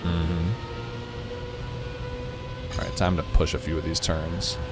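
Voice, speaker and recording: Deep-voiced man streaming a racing game. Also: little pitch movement, slow. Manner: chatty, rambling, talks to chat. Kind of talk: casual live-stream chat while gaming. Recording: game music loud behind voice. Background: game music and car sounds.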